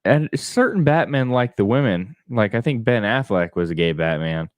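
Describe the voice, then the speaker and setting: Man, podcast co-host, casual banter, blunt, crude jokes, middle pitch, dry sound. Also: animated, moderate pace, no echo. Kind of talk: casual chat.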